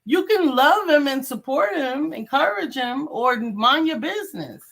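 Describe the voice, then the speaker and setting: A woman co-hosting a casual talk show, earnest and quick to push back on her co-host. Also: sits high, expressive, gravelly, a bit bright. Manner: earnest, firmly pushes back. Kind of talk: casual chat.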